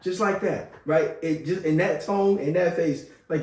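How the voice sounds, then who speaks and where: A man co-hosting a casual sports podcast, animated and laughing, slipping into quick impressions. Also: on the high side, distant mic, faint music behind. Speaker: podcast co-host. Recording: roomy sound from off the mic.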